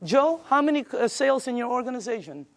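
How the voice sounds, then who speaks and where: An older man with a high voice delivering an emphatic sales pitch. He presses each point and acts out conversations with friends as he goes. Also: sing-song, fast. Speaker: business presenter. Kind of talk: sales presentation.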